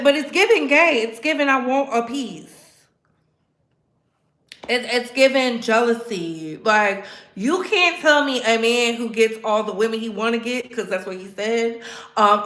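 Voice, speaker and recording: A woman's voice: fairly high pitch, bright, forceful tone, roomy sound. A woman hosting a pop culture commentary show, reacting with sass and emphatic remarks. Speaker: commentary host.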